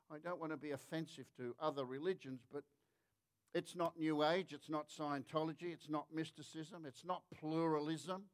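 An Australian man delivers a forceful sermon in a voice sitting a little above the usual male range. He builds his points through lists and rhetorical questions to the congregation. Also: a little high, clean tone. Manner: emphatic, rhetorical, repeats "how many of you know". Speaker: preacher.

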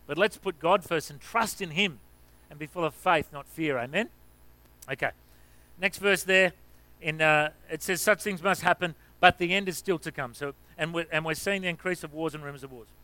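An Australian man preaching a sermon, conversational with many restarts and asides, then climbing to loud emphatic exclamations. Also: fairly high pitch, normal speed, no echo, rough recording. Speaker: pastor.

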